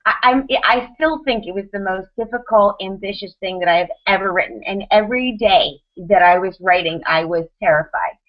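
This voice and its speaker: Woman, 30s, podcast panelist, animated storytelling, quick restarts, middle pitch, dull lo-fi audio. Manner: animated, rapid bursts with restarts and laughs. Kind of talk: casual storytelling chat.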